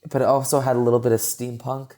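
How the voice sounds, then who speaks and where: Mellow-voiced man rambling about films. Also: mid-range voice, little pitch movement, quick pace. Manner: chatty and rambling, heavy use of "like". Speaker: podcast co-host. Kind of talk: casual film review chat.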